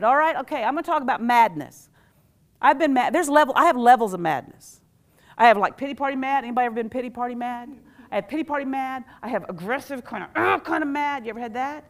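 A woman presenter in a somewhat high voice, talking to a live audience. She is playful and animated, and she keeps pulling listeners in with questions. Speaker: workshop presenter. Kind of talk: lively talk to a live audience.

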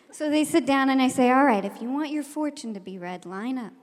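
A woman, a teacher, telling a personal story to an audience, acting out voices and shouting the quoted lines. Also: sits high, a little fast, few pauses, big-room sound, slight background noise.

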